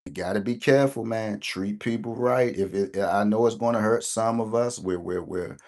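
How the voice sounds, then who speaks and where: A man's voice: fairly low pitch, moderate pace, a little mellow. A middle-aged man, telling a personal story in a rambling way and often checking in with "right?". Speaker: lottery channel host. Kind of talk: casual personal storytelling to viewers.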